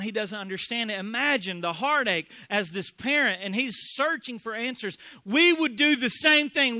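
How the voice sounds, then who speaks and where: A man in his thirties preaches with fervor, slipping into the voices of the people in his story. His voice sits high and rings bright and forceful. The sound is dry and close. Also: dry recording. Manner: impassioned, acts out quoted voices. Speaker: pastor. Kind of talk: sermon.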